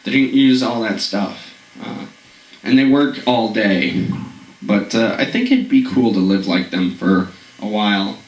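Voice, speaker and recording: Male comic, lively pitch, rambling stammery delivery, echoey room, off-mic. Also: measured pace, recorded from a distance, muffled recording. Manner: rambling, stammering, chuckles at own jokes. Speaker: comedian. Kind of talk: rambling comedic monologue.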